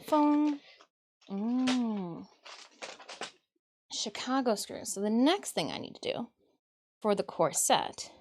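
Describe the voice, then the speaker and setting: A woman from Michigan, a cosplayer streaming as she builds a costume, chatting casually with her viewers, muttering to herself and laughing often. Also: mid-range voice. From Michigan, USA. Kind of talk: casual livestream chat while crafting. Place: indoor craft workspace.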